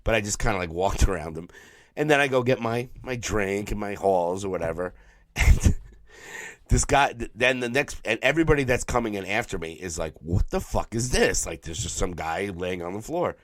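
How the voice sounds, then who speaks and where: New man, podcast co-host, low-ish voice, tired throat, profane, animated storytelling, dry close mic. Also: brisk, no echo. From New York. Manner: profane, animated storyteller who mimics people. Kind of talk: casual storytelling chat.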